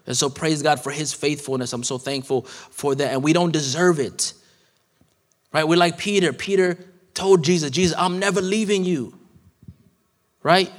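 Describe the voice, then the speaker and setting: A man's voice: a little high, fairly even intonation, moderate pace. A man in his thirties preaching a sermon in a casual, conversational way, with slang and asides. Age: 30s. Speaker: guest preacher. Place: church sanctuary. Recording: church hall reverb.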